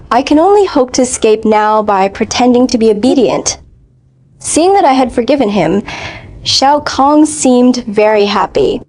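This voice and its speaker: Woman reading a story out loud, steady even delivery, a bit high pitched. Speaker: narrator. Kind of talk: first-person story narration.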